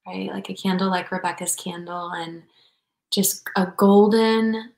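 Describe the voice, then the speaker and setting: A woman leading a guided meditation in a soft, slow, soothing voice over a video call. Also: mid-range voice, fairly even intonation, roomy sound, rough recording. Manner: soft, slow and soothing, speaks softer as it goes.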